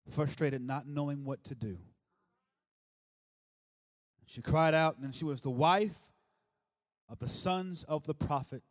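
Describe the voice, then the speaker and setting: A man preaching a sermon with emphasis, swinging from loud declarations to soft, low asides and calling on the congregation to answer aloud. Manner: urges the congregation to respond aloud.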